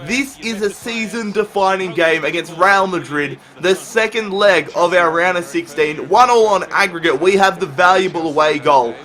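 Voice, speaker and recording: Excitable young man calling a football game. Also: high voice, normal speed, few pauses. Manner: swings from calm analysis to shouting at big chances. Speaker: gaming YouTuber.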